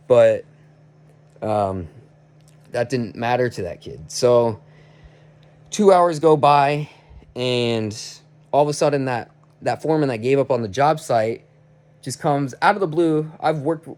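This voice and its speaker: A man recounts a run-in at work in loose, rambling speech, restarting his sentences often. His voice sits at an ordinary middle pitch. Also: darkish tone. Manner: rambling, restarts, heated retelling. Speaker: vlogger. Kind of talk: casual storytelling.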